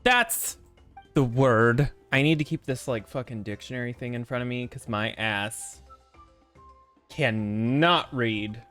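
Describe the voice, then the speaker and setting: A man's voice: medium pitch, takes it slowly, a bit bright, soft background music. A man streaming a video game who talks casually, swears freely and trips over hard names. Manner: rambling, profane, stumbles over names. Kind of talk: casual gameplay commentary.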